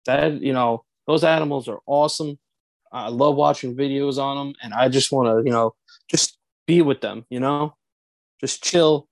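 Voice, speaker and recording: A man's voice: medium pitch, normal speed, vocal fry, no room sound. Laid-back young man, dry sound. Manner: laid-back, hesitant, soft-spoken. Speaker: podcast co-host. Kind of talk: casual podcast banter.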